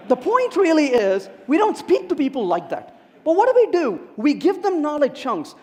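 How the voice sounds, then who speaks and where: A man's voice: very high voice, normal speed. A man giving a humorous technical talk at a conference, telling stories and acting out dialogue. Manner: animated storyteller acting out dialogue. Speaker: conference speaker. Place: conference hall. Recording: echoey conference hall.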